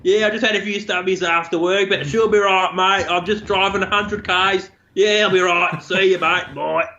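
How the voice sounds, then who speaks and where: Guy doing a broad aussie bogan bloke, easygoing and friendly, higher and bright. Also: fairly even intonation, moderate pace, highs cut off, slight background noise. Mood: laid-back. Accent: broad Australian. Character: cheery laid-back male Aussie bogan.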